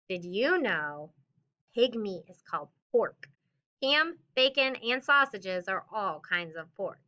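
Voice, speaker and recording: A woman teacher reading a picture book aloud to children with expressive storybook delivery, then talking through the lesson. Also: mid-range voice, slow, highs cut off.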